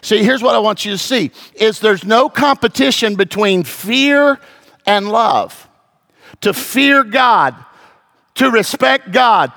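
A middle-aged man preaching a sermon as pastor, with rising emphatic bursts and a gravelly voice. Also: sits high, lively intonation, slow, bright, forceful tone.

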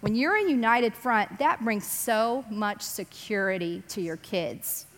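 A woman giving a casual, animated Bible teaching on parenting, acting out voices as she quotes. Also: medium pitch, measured pace. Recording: long reverb.

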